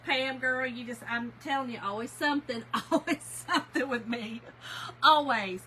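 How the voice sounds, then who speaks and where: A woman's voice: high-pitched, normal speed, pushed and bright, slight background noise, poor audio. A woman, telling an emotional story in a chatty way while she crafts on a livestream, and she tears up easily.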